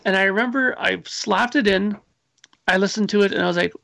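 A man in his forties or older, a musician guest, telling animated stories in casual chat and acting out his own past lines. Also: high voice, fairly quick, gravelly, no echo.

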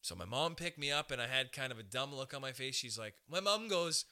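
Bright-voiced profane comedian. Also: male voice, mid-range voice, brisk. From Canada. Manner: profane, rambling, animated asides. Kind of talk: stand-up style monologue.

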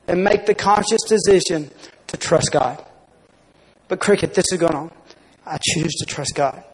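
A man's voice: high voice, rough recording. A man preaching a sermon as a pastor, emphatic and storytelling.

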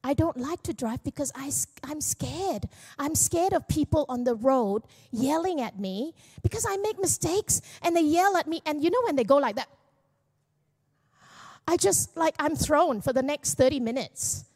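A woman's voice: sits high, expressive, moderate pace, darkish tone. A middle-aged woman pastor giving a candid, self-deprecating personal testimony at church, with jokes mixed in. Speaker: young adults pastor.

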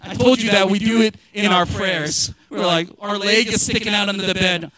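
A middle-aged male pastor giving a sermon, chatty and joking, then rising to shouted emphasis. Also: high-pitched, moderate pace.

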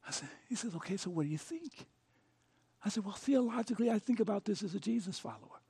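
A middle-aged man preaching a sermon as pastor, telling a story and swinging from soft, hushed moments to passionate pleas. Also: high voice, animated, fast, gravelly, husky.

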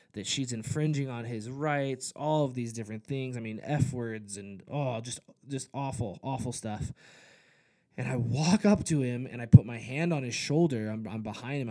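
A man's voice: medium pitch, darkish tone. A man preaching a sermon in an earnest, conversational way, with casual asides. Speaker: pastor.

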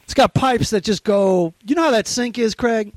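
A man hosting a casual phone chat, an animated storyteller who swears freely and loudly acts out the people he quotes. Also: high voice, normal speed, no room sound. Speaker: podcast host.

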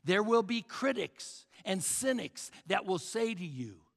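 A man's voice: high-pitched, lively intonation, unhurried, gravelly, hardly any pauses, fairly bright tone, long reverb tail. A male pastor preaching a sermon with emphatic repetition, often addressing the crowd as folks.

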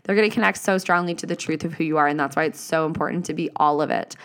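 Gushing woman podcast host, low-ish voice. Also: fast talker, a bit bright, smooth. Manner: swearing, gushing, uses many "like" fillers. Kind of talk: motivational solo podcast talk.

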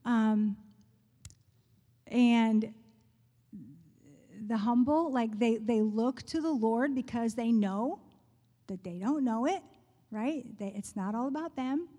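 A woman telling a personal faith story in a church talk, earnest and quick to laugh, dropping to a hushed voice when she prays. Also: a little high, long reverb tail. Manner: earnest, laughs often, drops to a soft hush in prayer. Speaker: speaker sharing a testimony.

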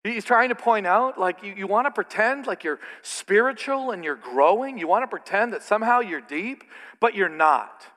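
Middle-aged male pastor, high bright voice, preaching in a long-echo church hall. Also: normal speed, hardly any pauses. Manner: animated, with mocking put-on asides. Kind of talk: sermon. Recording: reverberant hall.

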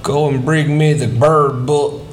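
A man playing a calm, matter-of-fact father. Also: on the high side, unhurried, slight background noise, voice pushed up, lightly acted. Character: calm middle-aged father, plain-spoken.

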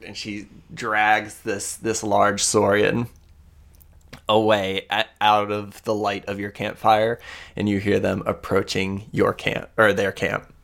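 A man serves as game master for a tabletop role-playing game, narrating in a relaxed, casual way with frequent hesitations. His voice is lowish, slow and creaky.

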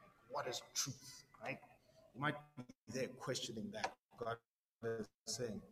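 A man's voice: medium pitch, measured pace, long reverb tail, background noise. A man giving a casual, conversational sermon, slangy and full of "right?" tags and repeated words. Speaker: preacher.

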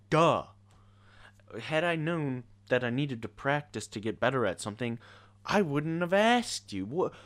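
A man's voice: lowish voice, fairly bright tone. A teenage boy ranting casually in an exasperated, sarcastic way. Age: teens. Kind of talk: casual rant to camera.

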